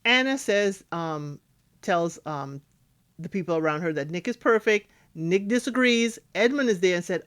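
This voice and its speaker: A woman's voice: fairly low pitch, expressive, normal speed, smooth. A woman giving casual recap commentary on a reality dating show, acting out cast members' lines as she talks.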